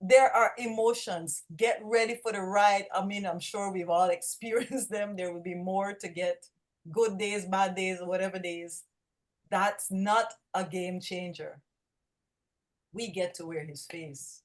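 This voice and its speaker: A woman sharing a reflection with a study group on a video call, slow and emphatic. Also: medium pitch, steady tone. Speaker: Bible study group member.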